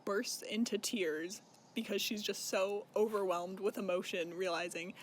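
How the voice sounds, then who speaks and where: A man's voice: high-pitched, steady tone, measured pace, slight background noise. A young man casually recapping a novel, chatty and swearing freely. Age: young adult. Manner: chatty, swears, laughs while recounting. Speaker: book vlogger.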